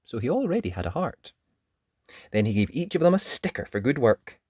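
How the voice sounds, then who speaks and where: Male children's storyteller, lively sing-song pitch, dry close sound. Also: brisk, husky, no echo. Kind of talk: children's storybook read-aloud.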